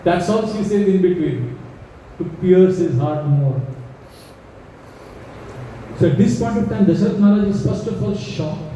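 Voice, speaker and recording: A man's voice: high voice, expressive, normal speed, pauses often, dark tone, slight background noise. Man telling scripture in an echoey hall. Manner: acts out the king's pleas in a raised voice; asks the audience questions. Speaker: temple speaker telling scripture. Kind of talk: storytelling discourse to a seated audience. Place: temple hall. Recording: echoey hall, mic at a distance.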